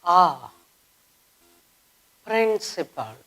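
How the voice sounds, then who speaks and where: A woman teaching a grammar lesson for children, slowly acting out example sentences with expressive exclamations. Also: fairly low pitch. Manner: slow, deliberate teaching delivery.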